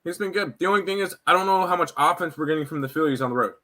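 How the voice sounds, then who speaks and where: Quick-talking guy on a betting show, bright voice, upbeat. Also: on the high side. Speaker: sports handicapper. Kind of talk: casual chat.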